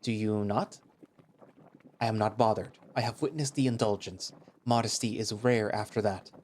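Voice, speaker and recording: A man reading a visual novel aloud, voicing a large, gruff male husky beast-man who is blunt and insecure and talks in terse, clipped phrases. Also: lowish voice, normal speed, darkish tone, slight background noise, lightly acted.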